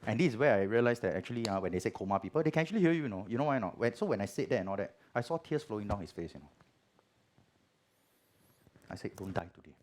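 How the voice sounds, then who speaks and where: A middle-aged Singaporean man with a Singaporean accent, giving a church testimony in chatty Singlish that swings from hushed to loud. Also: on the low side, lively intonation, fast talker, pauses often. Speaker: guest preacher.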